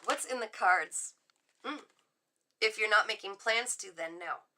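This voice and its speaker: A middle-aged woman chatting excitedly on a live tarot stream, reacting to viewer comments as she reads cards. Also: mid-range voice, a little slow, a little hiss or hum. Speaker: psychic reader on a live stream. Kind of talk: casual live tarot chat.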